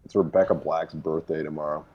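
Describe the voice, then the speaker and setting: A man's voice: a bass voice, little pitch movement, a little fast, muffled recording. A man hosting a live stream, chatting casually while eating. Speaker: streamer host. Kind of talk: casual chat.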